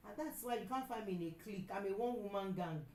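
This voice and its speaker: A middle-aged woman with a Nigerian accent preaches at a medium pitch, hammering her points home through repetition. Her voice rings out in an echoey room, and now and then she gets suddenly loud. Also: fast talker. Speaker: pastor and counselor. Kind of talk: sermon.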